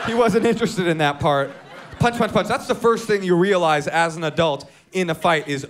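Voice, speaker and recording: A man from Oakland telling a story in stand-up, animated and self-mocking, acting out his own panicked lines. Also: high-pitched, fairly quick, slight background noise. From Oakland, California. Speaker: stand-up comedian. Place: live comedy venue with an audience.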